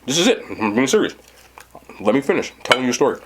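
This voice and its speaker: On his own eating show, a husky-voiced host talks fast through a long, lively story, his pitch bouncing up and down. He's casual and animated, speaking directly to his chat.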